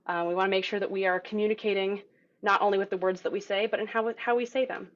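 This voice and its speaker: Steady in tone, fast, and a bit bright, a woman of medium pitch teaches a group voice lesson via video call. She stays casual and encouraging, leans on filler words, and demonstrates vocal sounds. The recording is dull, lo-fi call audio.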